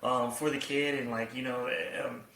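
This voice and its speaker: A man's voice: medium pitch, level tone, moderate pace, fairly bright tone, slight background noise. Rambling man in an echoey room. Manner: rambling, many fillers like "like" and "you know". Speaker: podcast co-host and youth coach. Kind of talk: casual chat. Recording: echoey room, distant from the mic.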